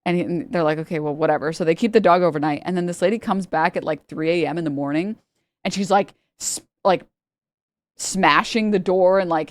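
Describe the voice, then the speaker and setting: A woman livestreamer tells a rambling story to her live audience in casual chat, laughing often and imitating the people involved. Her voice is fairly low and brisk, recorded dry.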